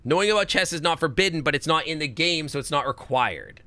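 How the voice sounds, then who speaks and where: A man's voice: on the high side, lively intonation, fast talker, pushed and bright, no echo. A man streaming a puzzle game live, thinking aloud and swearing in frustration. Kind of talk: live gameplay commentary.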